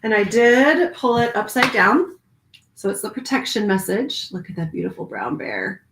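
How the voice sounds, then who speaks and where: A woman giving a casual spiritual oracle card reading, animated and laughing often, moving from hushed calm to excited outbursts. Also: medium pitch, moderate pace, roomy sound, background noise.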